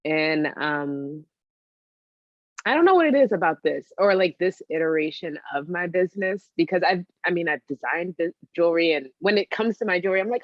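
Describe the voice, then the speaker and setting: A woman coaching client, hesitant and searching for words, with many pauses and fillers. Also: on the low side, animated, dry recording, muffled recording. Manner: hesitant, many ums and likes, emotional. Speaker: coaching client, joy strategist for working moms. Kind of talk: role-play then open reflection.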